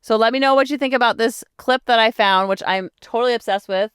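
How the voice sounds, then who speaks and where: A woman's voice: fairly high pitch, quick pace, a bit bright, smooth, no echo, studio quality. A woman parenting coach hosting her own podcast, talking in a chatty, encouraging self-help manner. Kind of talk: casual solo podcast talk.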